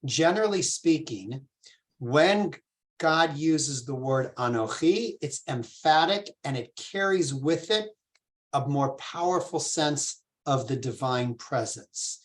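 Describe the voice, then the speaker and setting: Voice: mid-range voice, expressive, slow pace. Rabbi talking a small group through a text, easygoing, lots of "um" and "right?". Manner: explains patiently, asks the group questions; informal, with fillers and restarts. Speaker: rabbi teaching a text study. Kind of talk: conversational Torah class.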